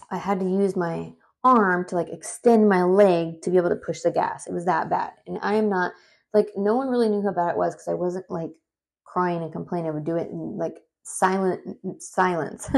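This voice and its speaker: At a moderate pace, a woman in her thirties with a fairly low, creaky voice recounts a personal anecdote. The telling is chatty and energetic, full of filler words and meandering detours.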